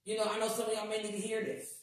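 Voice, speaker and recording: Animated woman in an echoey room. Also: fairly high pitch, racing. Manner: animated, swearing, acts out quotes. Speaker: podcast guest. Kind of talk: casual storytelling chat. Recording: echoey room, distant mic.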